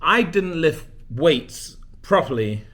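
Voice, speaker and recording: A man's voice: on the high side, very animated, slow pace, fairly bright tone. A man in his forties, a leadership coach, talking casually in a personal vlog, chatty and self-deprecating, often restarting his sentences. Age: 40s.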